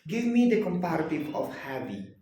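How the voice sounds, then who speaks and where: A man's voice: fairly high pitch, very animated, moderate pace, mellow. Man patient tutor drilling grammar, echoey room. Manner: patient, repeats and drills questions. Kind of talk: one-on-one grammar lesson.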